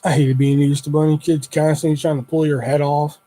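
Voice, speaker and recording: A young adult man swapping stories on a casual livestream, his voice sitting a little higher than most men's. He rambles along in a loose, laid-back way and swears freely as he goes. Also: flat delivery, brisk, dark tone. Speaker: streamer.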